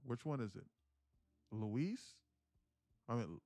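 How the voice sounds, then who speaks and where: A man's voice: mid-range voice, very animated, slow, pauses often, a little mellow, dry recording. A man hosting a live trading stream, chatting casually and teasing viewers between market calls. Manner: joking, teasing chat with viewers. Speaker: livestream day trader host.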